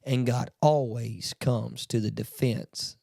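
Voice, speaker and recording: A man's voice: medium pitch, fairly even intonation, takes it slowly, vocal fry, dark tone, no echo, clean studio sound. A man hosting a morning devotional, reading scripture aloud and then preaching on it earnestly and with emphasis. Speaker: devotional podcast host.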